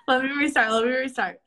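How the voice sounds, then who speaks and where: A woman's voice: sits high, background noise. A young woman hosting an improvised comedy sketch on a live stream, playing a chipper career orientation leader in a bubbly, mock-cheerful way.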